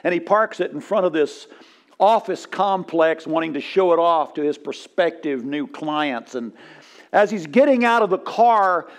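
A male pastor delivers a sermon with a voice pitched a little above most men's. He tells humorous stories, building to loud punchlines. He often checks in with his listeners for a response. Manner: asks congregation for responses.

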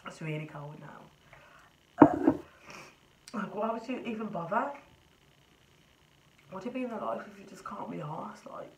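A woman's voice: medium pitch, moderate pace, pauses often, a little mellow, a little hiss or hum. A young woman in her twenties talking casually and emotionally to camera, earnest and rambling with restarts. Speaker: vlogger. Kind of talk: casual confessional chat. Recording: roomy, echoey, distant from mic.

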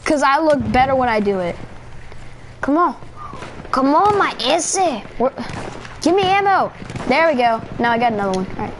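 A man voicing a bossy, self-important male police officer during gameplay commentary, scolding in a pompous rapid-fire way and straining his throat. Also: extremely high pitch, big pitch swings, fairly bright tone, slight background noise, heavily acted.

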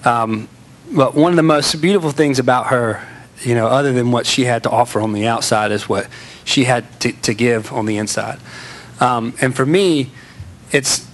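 A man's voice: medium pitch, moderate pace. A man giving a candid, self-mocking storytelling speech to an audience. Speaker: speaker.

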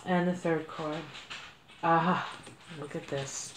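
A woman's voice: low-pitched, steady tone, slow pace, slight background noise. A woman from the United States giving a casual card reading at home, talking in a chatty, meandering way with many fillers. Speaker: card reader. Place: home room. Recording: echoey room.

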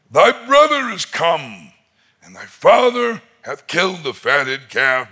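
A man preaching a sermon as pastor, expressive and emphatic, rising to loud peaks. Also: mid-range voice, breathy edge.

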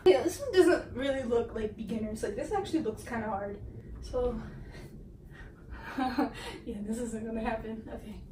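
A woman vlogs casually from her mom's bedroom, giggling, laughing often and poking fun at herself, frequently out of breath. Her fairly high, warm voice moves at a moderate pace with frequent pauses. The camera is set back across the room, so the sound is roomy and distant with a faint hiss.

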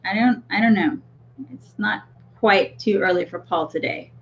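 A woman's voice: mid-range voice, moderate pace, vocal fry. A woman co-hosting a livestream in casual chat, laughing often and reading comments aloud. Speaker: co-host of a vaping livestream. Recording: dull lo-fi stream audio.

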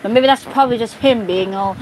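This woman, a video creator, is giggly as she casually reads fan fiction aloud, often bursting into laughter and grumbling exasperated asides. Her voice is fairly high and brisk with a darkish tone, and background noise comes through clearly.

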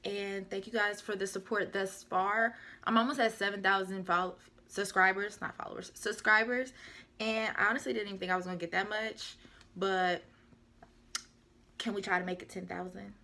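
A woman's voice: mid-range voice, fairly even intonation, moderate pace, sharp tone. A young woman vlogger chatting casually and rambling through a product update, often correcting herself. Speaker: beauty vlogger. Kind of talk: casual product review chat.

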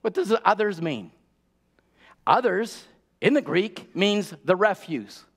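A man's voice: high-pitched, sing-song, takes it slowly. A man preaching a sermon to his congregation, urgent and exhorting, repeating key words and asking rhetorical questions. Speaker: pastor.

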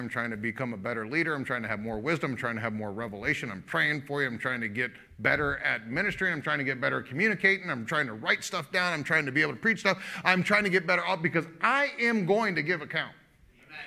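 Male pastor preaching live; emphatic and repetitive, with a bright, slightly high voice. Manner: emphatic, laughing often, repeating phrases. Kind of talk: sermon.

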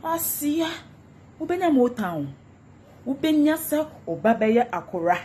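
A woman's voice: high-pitched, big pitch swings, a little slow, a little mellow, a little hiss or hum. A Ghanaian woman ranting in a gossip vlog, repeating insults and taunts in a mocking tone. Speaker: social media commentator.

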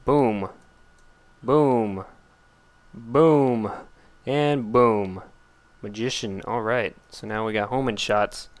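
A man giving casual gameplay commentary, blurting out excited exclamations and complaints at the game as he plays. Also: on the low side, drawn-out words. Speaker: let's play gamer.

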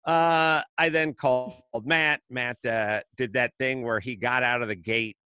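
A man's voice: medium pitch, a little slow, clear, resonant tone, no echo, studio quality. A middle-aged man hosting a podcast, telling comedic stories and acting out the people in them. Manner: animated, acts out voices in anecdotes. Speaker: podcast host. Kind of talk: casual comedic storytelling.

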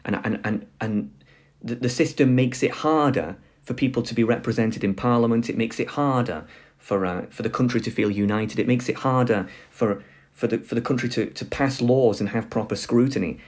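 A man's voice: medium pitch, normal speed. A young man giving an opinionated political monologue, passionate and ranting, often restarting and repeating words. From United Kingdom. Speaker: political commentary YouTuber.

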